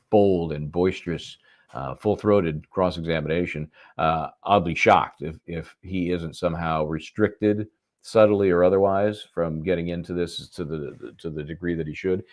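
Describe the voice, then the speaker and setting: Male legal commentator, low voice, dry sarcasm, easy conversational delivery. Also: darkish tone.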